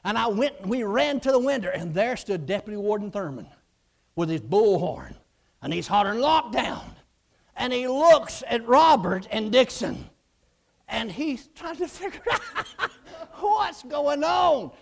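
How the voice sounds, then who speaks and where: A man preaching a lively story, acting out voices and often shouting. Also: very high-pitched, unhurried, vocal fry. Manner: animated, acts out voices, shouts and laughs. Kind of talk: storytelling sermon.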